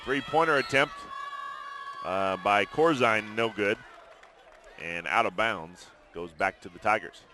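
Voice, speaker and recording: A man calling play-by-play of a high school basketball game in brisk, chatty commentary from an arena booth. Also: background noise. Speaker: play-by-play announcer.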